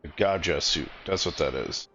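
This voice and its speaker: A man's voice: extremely low pitch, moderate pace, fairly bright tone, dry recording, dull audio. A man casually chatting and joking while streaming a game. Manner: chatty, joking, reads game dialogue aloud. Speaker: streamer playing an online game.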